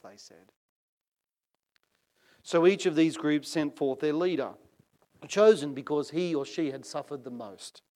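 Slow, dramatic male preacher. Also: fairly high pitch, darkish tone. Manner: measured, dramatic reading with rising emphasis. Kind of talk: sermon.

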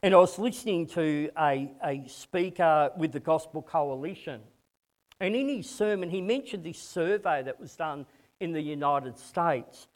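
A man's voice: on the high side, animated, measured pace. A man preaching a conversational sermon to a congregation, often repeating words as he starts a phrase.

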